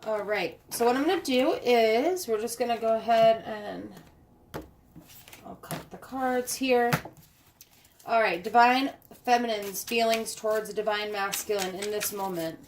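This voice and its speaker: A woman's voice: on the high side, a little slow, background noise. A woman giving a casual spoken tarot reading, chatty and thinking aloud as she handles the cards, recorded on a propped-up phone camera. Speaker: tarot card reader. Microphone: phone camera propped up nearby.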